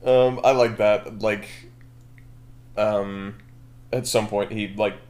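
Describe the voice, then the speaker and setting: A man co-hosting a podcast, brainstorming a story in casual chat, animated and laughing often as he acts out scenes. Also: on the low side, takes it slowly. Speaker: podcast co-host.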